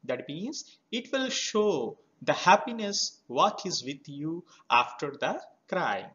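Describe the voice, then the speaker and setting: A man teaching a children's poem, explaining words slowly and spelling them out letter by letter. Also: a little high, very animated, fairly bright tone. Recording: slightly dull lo-fi recording.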